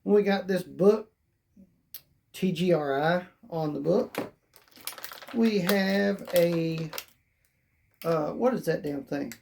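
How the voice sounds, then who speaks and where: Slow, gravelly, hoarse toy reviewer. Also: mid-range voice, a little mellow, slight background noise. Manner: chatty, rambling, thinking aloud. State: hoarse, losing voice. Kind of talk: casual unboxing narration.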